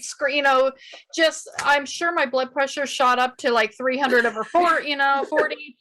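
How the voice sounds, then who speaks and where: Woman, podcast host, bright tense voice, higher pitch, animated storytelling, laughs. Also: moderate pace, a little hiss or hum. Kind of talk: casual interview chat.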